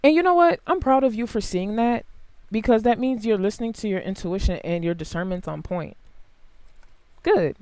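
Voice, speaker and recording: A tarot reader giving a casual, blunt and heavily profane reading to camera, swinging between quiet asides and loud outbursts. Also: animated, normal speed, clean tone, no echo. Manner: big jumps in pitch and loudness.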